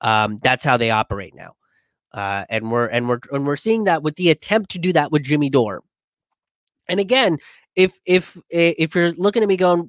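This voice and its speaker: A comedian hosting a casual commentary stream, reading viewer comments and talking it through with lots of fillers and restarts. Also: male voice, medium pitch, normal speed, no room sound, studio quality. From immigrant. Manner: conversational, many fillers and restarts, animated when quoting others.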